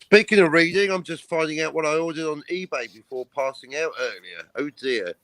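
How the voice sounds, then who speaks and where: A man's voice: a little high, fairly quick, fairly bright tone, dry recording. A man hosting a casual livestream chat, riffing jokes and swearing freely. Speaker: host.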